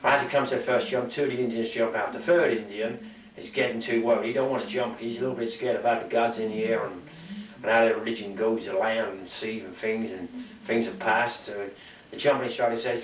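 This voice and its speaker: Man telling a string of jokes, mid pitch, distant and roomy. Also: steady tone, brisk, a little hiss or hum. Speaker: stand-up comedian. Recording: echoey room, from far off.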